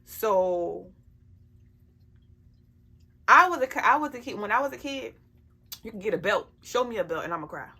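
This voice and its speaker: A woman's voice: mid-range voice, animated, moderate pace, gravelly, pauses often, bright, forceful tone, breathy edge. A woman talking bluntly and emphatically to her camera about being a parent, often checking in with her listener. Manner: blunt, emphatic, keeps asking "you know what I'm saying". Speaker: parent sharing life advice. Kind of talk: casual personal vlog talk.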